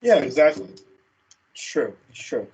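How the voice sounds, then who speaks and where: A man's voice: medium pitch, sing-song, a little slow, a little mellow, breathy edge, low-quality recording. A man co-hosting a casual baseball watch-party stream, laid-back, laughing easily and trailing off. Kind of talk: casual chat.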